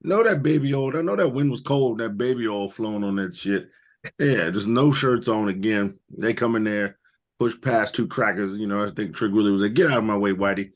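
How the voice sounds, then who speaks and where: A man's voice: fairly low pitch, normal speed. A man co-hosting a wrestling podcast, ranting crudely and jokingly about the show. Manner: loud joking rants with crude slang. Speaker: podcast co-host. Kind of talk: profane comedic wrestling recap.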